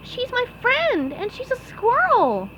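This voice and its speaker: A woman voicing an eager young male sea sponge detective from a cartoon storybook, squeaky and earnest. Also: wildly swooping pitch, slow pace, a bit bright, a little hiss or hum, heavily acted, rough recording. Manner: squeaky and earnest, stammers when scared.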